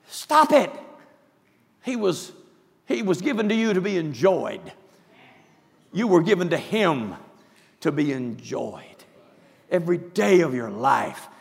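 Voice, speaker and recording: A man preaching a sermon, emphatic, dropping to hushed asides and rising to shouts. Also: on the high side, vocal fry, long reverb tail.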